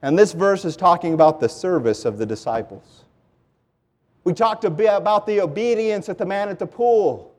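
A man preaching a sermon with passion, his voice climbing into loud pleading and dropping to hushed lows. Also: expressive, moderate pace. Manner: impassioned, swings from loud pleading to low hushed.

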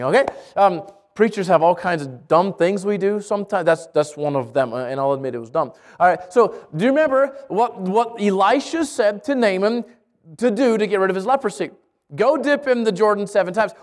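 Male pastor, high voice, energetic storytelling sermon with lots of restarts. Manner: lively storytelling with repeated restarts. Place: church in Albuquerque.

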